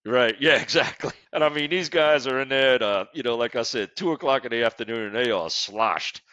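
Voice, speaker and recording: A man's voice: medium pitch, fairly quick, pushed and bright, no echo, muffled recording. A man, hosting a podcast and telling stories between laughs. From Westbank of New Orleans. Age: 60s. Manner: storytelling, laughs often. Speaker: podcast host. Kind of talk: casual interview chat.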